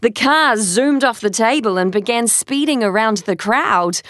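Slow, lively woman storybook reader. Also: on the high side, no room sound, clean studio sound. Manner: expressive, unhurried storytelling. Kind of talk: children's story reading.

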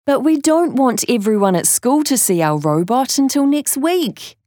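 A woman's voice: high-pitched, very animated, normal speed, warm tone, dry recording, studio quality, pitched above the performer's own voice. A woman voicing an earnest, slightly anxious schoolboy twin.

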